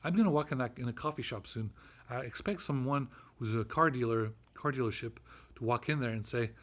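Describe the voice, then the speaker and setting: A man's voice: medium pitch, a little fast. A middle-aged man delivering a rambling solo vlog monologue, ranting, swearing often and repeating himself with frequent restarts. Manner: ranting, profane and repetitive, with restarts. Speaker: vlogger.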